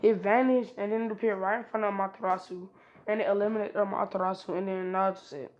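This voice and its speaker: A woman's voice: medium pitch, fairly even intonation, fast talker, a little mellow, dull audio. A woman narrating a casual fan-made story in a loose, chatty way, talking straight to her viewers.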